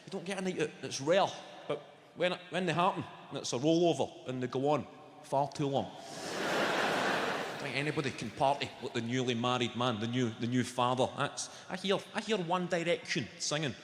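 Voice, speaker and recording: A man's voice: medium pitch, normal speed. A young Scottish man doing live stand-up on an arena stage, with brash, sweary banter at the crowd. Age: young adult. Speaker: stand-up comedian. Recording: echoey arena with long reverb, loud crowd.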